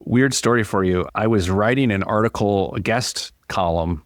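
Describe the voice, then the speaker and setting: An upbeat man talks as a guest on an interview podcast and tells stories with lively energy, his pitch bouncing up as he gets going. The sound is close and dry, with no room around it. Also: moderate pace, no echo. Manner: animated storyteller, upbeat and chatty. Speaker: company founder and CEO, podcast guest. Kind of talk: casual interview conversation.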